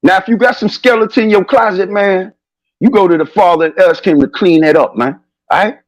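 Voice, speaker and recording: Man, high voice, dry sound, confrontational, preachy street talk, live stream call. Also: brisk, dry recording, poor audio. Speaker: guest on a live stream show. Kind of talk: heated live stream rant.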